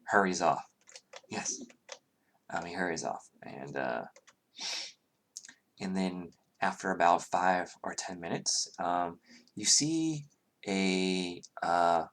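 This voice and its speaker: Casting: game master, man from the Southern US, halting narration, soft-spoken. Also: deep voice, animated. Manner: halting, many fillers.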